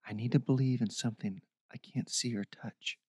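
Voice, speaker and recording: A man voicing a calm, determined teenage girl who speaks softly. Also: mid-range voice, moderate pace, husky, no echo, studio quality, close to an everyday voice. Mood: quiet resolute. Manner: quiet, resolute.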